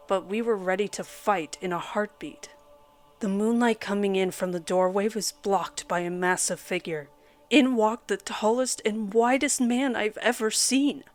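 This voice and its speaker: A woman reading a scripted horror story aloud as its narrator, in a steady storytelling delivery. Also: medium pitch.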